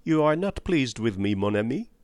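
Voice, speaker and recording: A calm, fussy elderly detective with a French-tinged accent, as a male narrator puts him on. His precise questions rise and fall in a lively way, recorded dry and close for an audiobook. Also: medium pitch, normal speed, dry recording, natural voice. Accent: put-on French-tinged. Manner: precise, placid, calmly probing. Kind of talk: audiobook reading.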